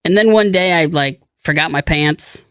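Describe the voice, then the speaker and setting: A man's voice: fairly high pitch, moderate pace, fairly bright tone, clear, resonant tone, no room sound, clean studio sound. A middle-aged man co-hosting a casual podcast, telling a long rambling anecdote and acting out the people in it. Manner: rambling storyteller who acts out quoted people. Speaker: podcast co-host. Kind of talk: casual chat.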